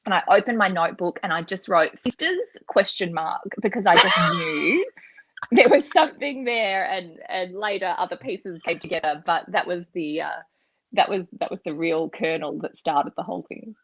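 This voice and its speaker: A woman in her forties tells a lively anecdote, her pitch leaping and falling freely. She breaks into laughter mid-sentence. The sound is close and dry, with no room around it. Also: normal speed, dry recording, rough recording. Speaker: guest author. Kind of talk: conversational storytelling.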